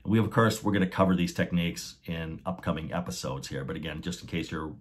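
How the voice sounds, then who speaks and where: Low, husky-voiced male podcast host. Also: quick pace. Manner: methodical, restates key points. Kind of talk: explanatory podcast talk.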